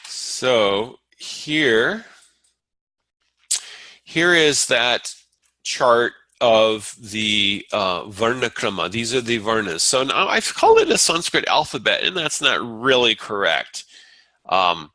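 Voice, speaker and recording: A man teaching a Sanskrit class, explaining at an unhurried pace with frequent fillers and restarts. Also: medium pitch, sing-song, pushed and bright, no echo, poor audio. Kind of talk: lecture.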